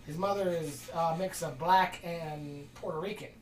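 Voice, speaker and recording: A podcast host telling a long story in casual chat, rambling and animated, acting out the quoted dialogue. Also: mid-range voice, measured pace, slight background noise. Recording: distant mic in an echoey room.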